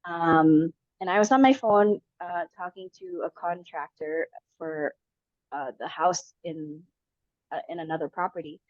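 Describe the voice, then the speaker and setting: A woman's voice: fairly low pitch, measured pace, no room sound. A woman casually telling a personal story on a podcast, with many fillers and restarts. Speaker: podcast guest. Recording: dull lo-fi audio.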